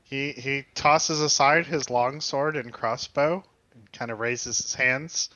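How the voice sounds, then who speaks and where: A man's voice: medium pitch, steady tone, takes it slowly, pushed and bright, no echo, highs cut off. A man narrating as dungeon master in a casual, easygoing way. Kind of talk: narrating a tabletop game.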